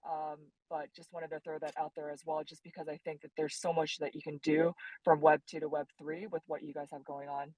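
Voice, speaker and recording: Excitable woman with a low, dry voice. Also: brisk, hardly any pauses, dry recording, low-quality recording. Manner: excited, rambling, apologetic. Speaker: guest speaker. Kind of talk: casual audio chat.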